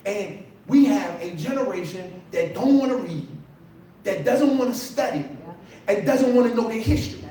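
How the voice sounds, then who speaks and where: High-voiced shouting preacher in echoey hall. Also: male voice, expressive, moderate pace. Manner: impassioned, shouting preacher with call-and-response. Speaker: pastor. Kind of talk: sermon. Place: large church hall. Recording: echoey hall, mic from a distance. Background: congregation responding.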